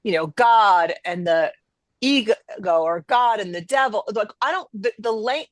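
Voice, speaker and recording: A woman's voice: mid-range voice, animated, unhurried, dry recording. A middle-aged woman hosting a podcast, talking emphatically in a conversational teaching style and acting out quoted voices. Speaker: podcast host.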